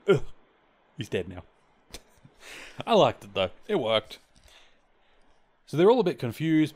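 A man hosting a podcast, recapping an episode in a chatty way with lots of fillers and quick quoted lines. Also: lowish voice. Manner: chatty, many fillers, quotes characters in passing. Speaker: podcast host.

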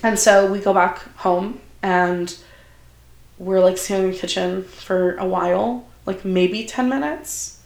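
A young woman telling a long personal story in casual chat, animated and full of fillers and quoted asides. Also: medium pitch, a little slow, creaky. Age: young adult. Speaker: podcast guest. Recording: roomy echo.

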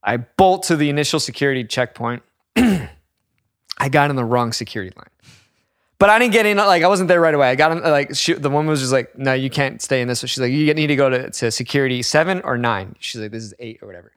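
A young man telling a story in casual chat, animated and profane, acting out the people in it. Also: medium pitch, quick pace, clear, resonant tone, dry recording, studio quality.

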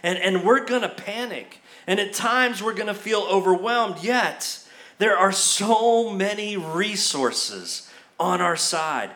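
A male pastor delivers a sermon at a church service in a high, bright and forceful voice. He talks in a loose, conversational way, full of restarts and fillers, and he raises his voice to act out the people in the story. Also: takes it slowly. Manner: acts out quoted voices with rising pitch.

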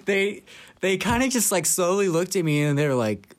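A young man on a podcast, casually telling dark childhood stories with laughter and quoting people in put-on voices. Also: on the high side, animated, fast talker. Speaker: podcast co-host. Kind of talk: casual storytelling chat.

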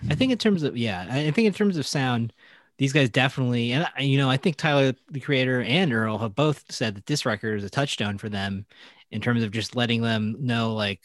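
A man's voice: medium pitch, a little fast, no room sound, clean studio sound. Thoughtful man talking music. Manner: thoughtful, hedging with "I think". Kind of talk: casual chat.

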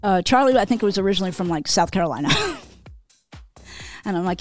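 A woman's voice: mid-range voice, animated, fast talker, soft background music. Woman on a podcast spinning old work stories, cusses a lot, keeps asking "okay?". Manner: swears freely, laughs, lots of "okay?" and "you know". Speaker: podcast co-host. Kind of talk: casual storytelling.

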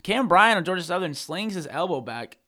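An animated young man co-hosting a sports podcast, his voice sitting a bit on the high side. He rambles through his points in casual chat, throwing in jokes and the odd curse. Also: fairly quick. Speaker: podcast co-host.

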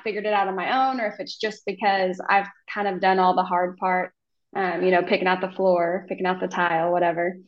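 A woman's voice: mid-range voice, roomy sound, muffled recording. A woman from Oklahoma, a hairstylist guesting on a podcast, talking in a friendly, rambling way with many ums. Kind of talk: casual podcast interview.

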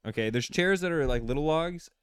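A young man hosting a podcast, telling stories in a lively, casual way and laughing easily. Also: on the high side, brisk, clean tone, dry recording. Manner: animated storyteller, laughs easily. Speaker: podcast host. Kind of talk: casual chat.

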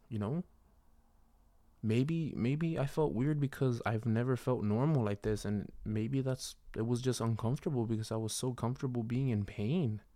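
Young guy talking about his faith, mellow voice, dry close sound, lots of "you know". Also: mid-range voice, no echo. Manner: rambling, full of "you know" and "like". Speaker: vlogger sharing a faith testimony. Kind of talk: casual personal testimony.

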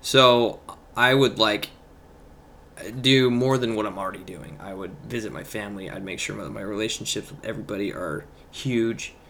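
A young man co-hosting a podcast, talking casually in a halting, rambling way full of fillers. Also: lowish voice, gravelly, fairly bright tone. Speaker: podcast co-host. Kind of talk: casual chat. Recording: faint background noise.

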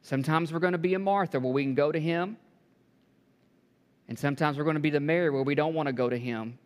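A man preaching a sermon to a congregation, building to emphatic peaks and dropping to soft, hushed lines, with joking asides. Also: on the high side, fast talker. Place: church sanctuary. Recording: long hall reverb.

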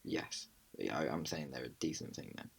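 A young male podcast co-host with a very deep, gravelly voice and a husky edge. He talks in a rambling, slangy way. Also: lively intonation, normal speed. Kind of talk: casual chat.

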